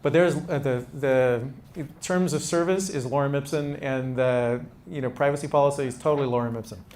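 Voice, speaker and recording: A man's voice: medium pitch, normal speed, a little mellow, slight background noise. A man mentoring startup founders in a casual, conversational talk to a live audience, with frequent restarts.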